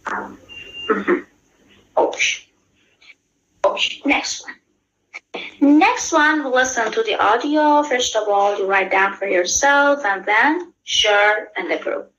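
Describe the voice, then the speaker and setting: A woman teacher with a Persian accent speaks slowly, her voice bright and a little high. She explains patiently and keeps checking in with her class. The room sounds echoey. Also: muffled recording. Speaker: English exam teacher.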